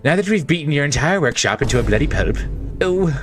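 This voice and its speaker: A man's voice: a little high, fast talker, soft background music. A man streaming a game, cracking jokes and reading its dialogue aloud with silly put-on voices. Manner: animated, jokey, breaks into silly voices.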